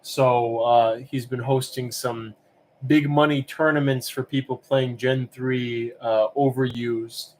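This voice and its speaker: Relaxed man hosting a live auction. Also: mid-range voice, slow pace, a little hiss or hum. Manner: relaxed, rambling, many fillers. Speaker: live-stream auction host. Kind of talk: casual live-stream chat.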